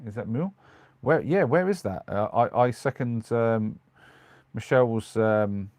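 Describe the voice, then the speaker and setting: A man's voice: mid-range voice, a little slow, a little mellow, no echo. A middle-aged man with a British accent, chatting casually on a live stream, rambling with lots of ums and restarts. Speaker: live streamer in his van. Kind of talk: casual live-stream chat reading comments. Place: small converted van at night.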